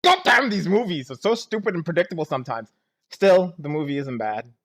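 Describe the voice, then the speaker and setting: A man's voice: a little high, expressive, brisk, fairly bright tone. A man talking casually as he reacts to a movie, exasperated and rambling, often groaning and laughing at it. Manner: keeps restarting and saying "anyways, let's keep going".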